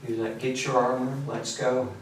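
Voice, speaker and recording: Flat-voiced young man in an echoey room. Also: mid-range voice. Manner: flat, matter-of-fact, unhurried. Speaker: prison inmate interviewee. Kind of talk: recounting events in a sit-down interview. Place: prison interview room. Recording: very echoey room, distant mic, faint hum.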